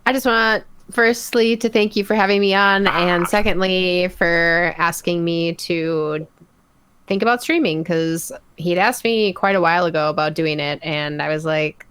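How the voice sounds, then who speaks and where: A young woman guesting on a podcast, chatting casually and easygoingly with many fillers, slowing down as she thinks aloud. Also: lowish voice, a bit bright, clear, resonant tone, no echo.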